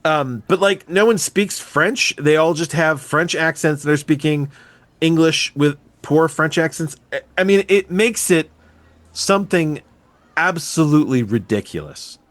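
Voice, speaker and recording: On a podcast recording, a co-host with a fairly high-pitched voice chats casually while reviewing a bad movie. He mentions his wife and young daughter, and he's animated, quick to mock, and swears freely. There's no room sound.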